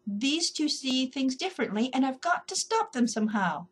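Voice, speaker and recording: A woman's voice: high-pitched, very animated, moderate pace, husky, voice pushed up, full character voice. A woman voicing a grumpy, sleepless male earthworm who complains in a raised voice. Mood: complaining.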